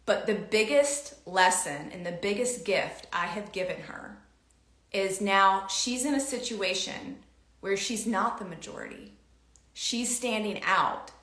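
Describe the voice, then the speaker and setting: Animated middle-aged woman host, bright tone, roomy echo. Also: a little slow. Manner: animated, acts out quoted dialogue with big pitch jumps. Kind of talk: casual storytelling chat. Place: home room. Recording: echoey room.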